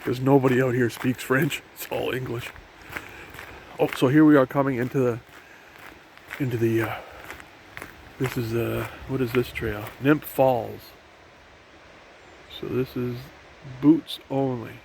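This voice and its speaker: A man's voice: mid-range voice, fairly even intonation, unhurried, gravelly, long pauses, a little mellow. A man casually narrating a walk along a forest trail by a river, rambling with fillers and restarts. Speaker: vlogger. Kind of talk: casual walking tour narration. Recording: noisy outdoor sound with wind and river.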